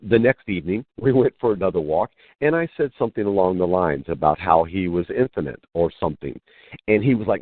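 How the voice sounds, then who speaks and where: A spiritual teacher appears as a guest on a call-in radio show, telling stories and animatedly acting out the quoted dialogue. His voice sits on the low side and moves briskly. The phone-line recording is dry, with no room sound.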